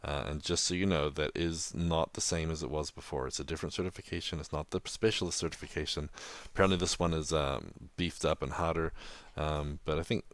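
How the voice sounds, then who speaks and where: New Zealand man, very low voice, dry close sound, casual podcast co-host. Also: steady tone, fairly quick, few pauses, no room sound. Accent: New Zealand, softened toward American. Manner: chatty, laughs often, many fillers.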